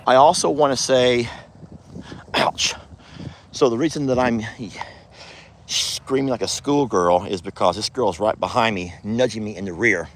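A man's voice: mid-range voice, moderate pace, slight background noise. A man talking casually outdoors on his cattle ranch while he walks among the cows, affectionate and chatty, often cooing sweetly at the animals. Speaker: ranch owner and vlogger.

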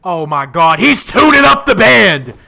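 A high, gravelly young man plays a wrestling video game and talks over it. He swings from loud, excited trash talk to mumbled asides, and his voice jumps up and down constantly. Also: measured pace. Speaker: gaming YouTuber.

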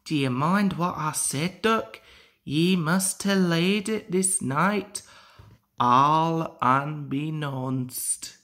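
A man's voice: on the high side, extremely slow, fairly bright tone. A young man voicing a sleepy, teasing male engine in a storybook reading. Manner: drowsy, teasing.

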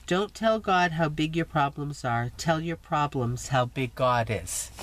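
Showing crafting mail in a relaxed chat, a recovering, coughing scrapbooker gushes and jokes at her own expense. Her rumbling low voice has lively intonation, a slow pace, and hardly any pauses, over a little hiss or hum.

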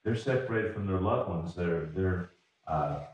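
A man's voice: sits low, animated, unhurried, far from the mic. A man preaching as a pastor in a folksy, repetitive way, often restarting words. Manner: folksy, repeats words, chuckles. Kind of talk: sermon. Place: church sanctuary. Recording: roomy church sound from off-mic.

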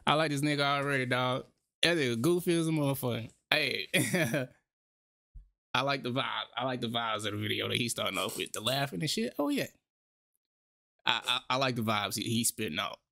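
A man's voice: medium pitch, lively intonation, brisk, vocal fry, sharp tone, a little hiss or hum. A man streaming his reaction to a video, talking in a loose, slangy way and often repeating himself. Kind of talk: casual reaction commentary.

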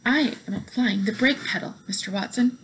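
A woman's voice: a little high, moderate pace, fairly bright tone, slight background noise, poor audio. A woman voicing a prim, eager older woman who speaks in formal, precise announcements in a storybook reading.

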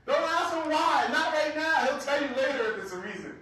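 A man's voice: extremely high pitch, expressive, a little fast, bright, forceful tone. A man teaching a religious class as an imam, talking conversationally and often checking in with his listeners. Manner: conversational, keeps checking in with "right?". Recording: very echoey room, mic far off.

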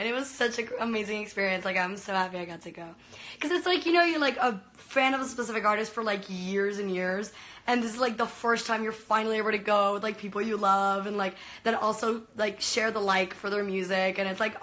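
A woman's voice: mid-range voice, sharp tone, poor audio. A young woman from Venezuela chatting casually on a live stream, gushing and full of fillers, talking into a phone. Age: young adult. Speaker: livestreamer.

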